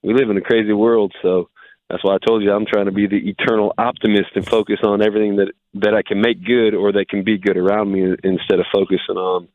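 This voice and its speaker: A former pro football player calls in to a radio show, a man with a somewhat low voice who talks in a laid-back, upbeat way full of "like." The call comes through a tinny phone line that sounds dry and close. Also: little pitch movement, fast talker, no room sound. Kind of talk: casual radio interview.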